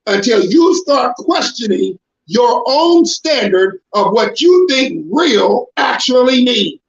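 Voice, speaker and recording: Emphatic high-voiced male preacher. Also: sing-song, slow pace, gravelly. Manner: emphatic, confrontational, with sudden shouted bursts. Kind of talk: preaching to a congregation. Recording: roomy, dull lo-fi sound.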